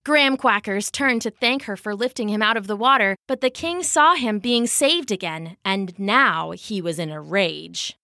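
A woman narrating a children's story as a podcast host, with expressive, animated delivery. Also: medium pitch, normal speed, hardly any pauses, dry recording, studio quality.

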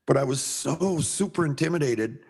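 A middle-aged Minnesotan sign painter tells a story in casual conversation, animatedly acting out its voices. He speaks at normal speed with a fairly high, breathy voice.

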